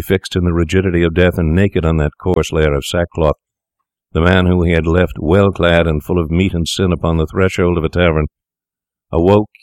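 Deep-voiced man narrating gravely. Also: dry recording, clean studio sound. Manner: measured, grave storytelling. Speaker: audiobook narrator. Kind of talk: scripted narration.

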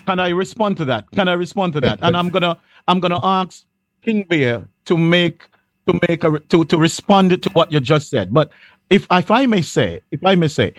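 Insistent high-voiced man host. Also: lively intonation, moderate pace, no echo. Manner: insistent, repeats himself when interrupted. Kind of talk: panel discussion.

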